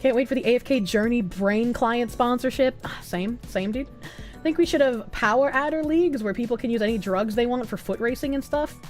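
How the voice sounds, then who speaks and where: A woman's voice: a little high, brisk, darkish tone, soft background music. A woman streamer chatting casually and reading viewer comments, rambling and joking, often laughing and swearing.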